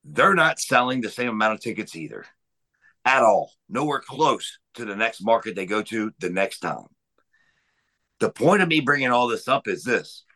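A man's voice: mid-range voice, bright, forceful tone, poor audio. A man on a podcast giving a heated, profane rant about pro wrestling. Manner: heated, profane, emphatic ranting.

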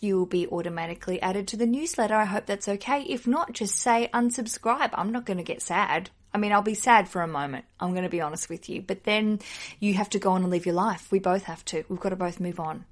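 An Australian woman hosts a podcast, chatting casually in a playful, self-deprecating way. She speaks fairly quickly in a mid-range voice into a podcast microphone.

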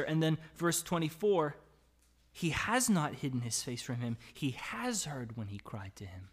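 A man's voice: big pitch swings, a little slow, slightly rough. A man preaching a sermon, reading psalm verses aloud and calling out the anguished cries with a raised voice, then dropping back to an easy conversational tone that often checks in with "right?". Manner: reads scripture aloud and rises in pitch and volume when voicing anguished cries. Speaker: pastor.

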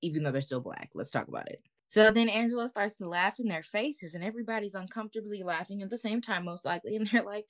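A woman co-hosting a podcast, telling a story in a casual, animated way, slangy and swearing freely. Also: mid-range voice, brisk, no echo. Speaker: podcast co-host.

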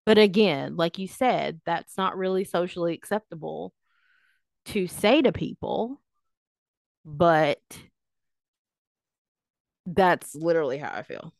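A young woman co-hosting a podcast, talking casually in a rambling, animated way and acting out what people said. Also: fairly low pitch, slow, gravelly, pauses often, no echo, studio quality. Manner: rambling, animated, acts out quoted voices. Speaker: podcast co-host. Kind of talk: casual chat.

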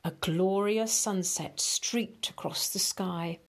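Slow, gentle storyteller woman. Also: fairly low pitch. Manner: gentle, unhurried, addresses children directly. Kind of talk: children's story reading.

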